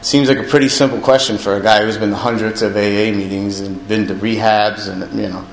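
A man's voice: fairly low pitch, little pitch movement, a little fast. Middle-aged man, plain-spoken recovery testimony, candid and self-mocking; roomy echo, faint hum behind. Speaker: recovering alcoholic sharing his story. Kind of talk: personal testimony. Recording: echoey room with faint ambient noise.

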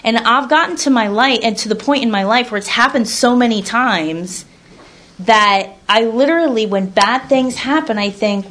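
A woman's voice: on the high side, normal speed. Blunt, rambling woman telling her story. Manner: blunt, rambling, casually profane; animated storyteller. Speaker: recovery speaker sharing her story. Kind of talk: candid personal testimony.

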